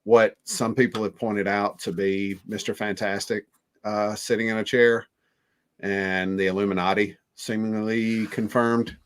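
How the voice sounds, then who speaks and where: A man co-hosting a podcast, talking about movie trailers with enthusiastic, rambling fan excitement. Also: on the low side, unhurried, clear, resonant tone. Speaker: podcast co-host.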